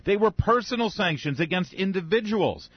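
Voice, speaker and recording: A man's voice: sits high, animated, normal speed, slightly rough, no echo. A man hosting political talk radio, delivering sarcastic, mocking commentary with frequent asides. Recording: dull radio broadcast sound.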